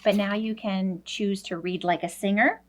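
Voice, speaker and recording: A woman teacher working one-on-one with a young child, speaking slowly, simply and encouragingly as she explains a reading activity. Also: mid-range voice, steady tone. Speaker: elementary school teacher.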